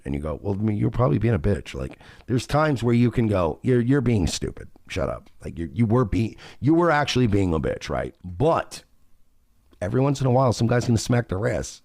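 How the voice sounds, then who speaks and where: Male podcast host, crude rambling monologue, dry close mic, gravelly. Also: lowish voice, a little mellow, no room sound. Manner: crude, rambling and profane, acting out quoted people. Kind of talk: casual monologue.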